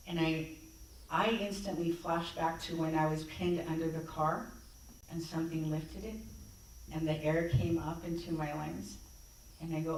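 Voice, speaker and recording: A woman's voice: deep voice, flat delivery, a little slow, slight background noise. A woman guest speaker in a church, telling a personal story in a conversational way and acting out bits of dialogue. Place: church sanctuary. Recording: echoey hall, distant mic.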